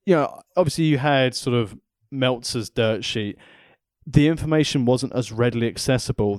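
A man's voice: mid-range voice, darkish tone, no room sound. A man co-hosting a podcast, laying out background in a casual chat with dry jokes. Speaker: podcast co-host.

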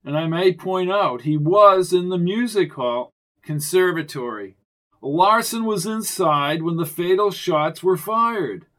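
A man reading an audiobook, voicing a snooty, pompous male official who speaks in a loud, clipped way. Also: high voice, unhurried, pitched above the performer's own voice. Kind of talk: audiobook character voice.

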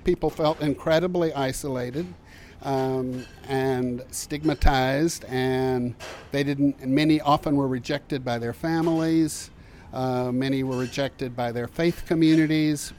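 An older man giving a reflective interview, speaking thoughtfully with frequent pauses, fillers and restarts. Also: mid-range voice, darkish tone, slight background noise. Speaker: interviewee recalling community work.

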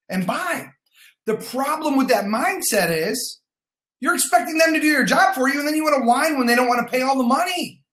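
A man who leads a sales team, giving an energetic motivational livestream talk from his phone. He repeats his points for emphasis, swears casually and greets viewers by name. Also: very high-pitched, roomy sound.

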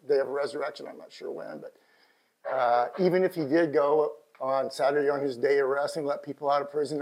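A middle-aged man with a Texan accent preaching a sermon as pastor, swinging from quiet asides to impassioned shouted lines. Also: on the high side, vocal fry, rough recording. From Texas.

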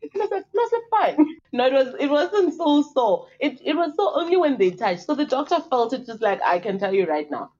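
A woman tells a story on a podcast in a high, bright-sounding voice, laughing often and acting out what others said. The recording is dull and a little lo-fi. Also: brisk. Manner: animated, laughs often, acts out quotes. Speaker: podcast guest. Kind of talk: casual storytelling chat.

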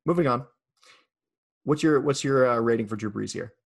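A man with a gravelly, fry-heavy voice leads a casual fantasy football chat. He is playful and teasing as he works through the list of players. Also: medium pitch, moderate pace. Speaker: podcast host.

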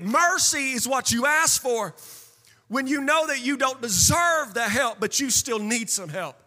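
The pastor preaches in an animated, impassioned way, using a very high, bright, ringing voice and a sing-song cadence that peaks in chanted shouts before falling back unhurriedly. His words reverberate at length, as in a spacious church sanctuary.

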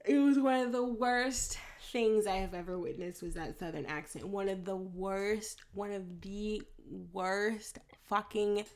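A woman's voice: mid-range voice, steady tone, unhurried, few pauses. A young woman co-hosting a podcast in casual chat, blunt and swearing freely, laughing often. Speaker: podcast co-host.

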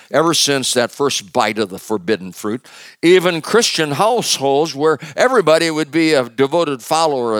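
A male pastor preaching a conversational sermon with joking asides, swinging from loud emphasis to hushed words. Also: medium pitch, no echo.

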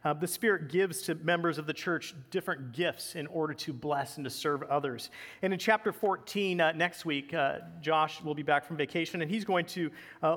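A pastor delivering a conversational sermon with casual asides. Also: male voice, on the high side, a bit bright, long reverb tail.

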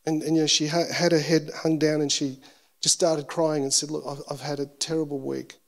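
A male pastor preaching a sermon at a church service, telling a personal story in an animated, self-deprecating way. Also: on the high side, brisk.

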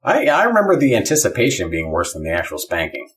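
A man's voice: mid-range voice, wildly swooping pitch, fast talker, a bit bright, breathy edge. A man in casual chat, giving blunt, opinionated views with some profanity.

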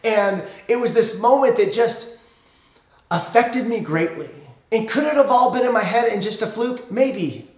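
A man preaching a sermon as pastor, telling a story earnestly and praying softly. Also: unhurried, reverberant. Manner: earnest storytelling, dropping soft and low in prayer.

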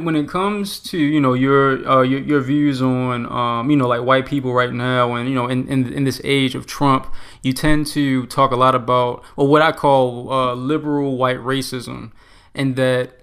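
A male interviewer talks in long, loose questions full of ums and you-knows. His voice is smooth and clear, set at an ordinary middle pitch. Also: fairly bright tone. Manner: rambling questions with many fillers. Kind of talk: casual interview.

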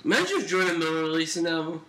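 A man's voice: fairly high pitch, very animated, rapid-fire, very noisy. A young man co-hosting a casual podcast, telling stories in a laid-back way full of fillers, in a roomy, echoey room. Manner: laid-back storytelling with frequent fillers and laughs. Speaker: podcast co-host. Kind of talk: casual chat.

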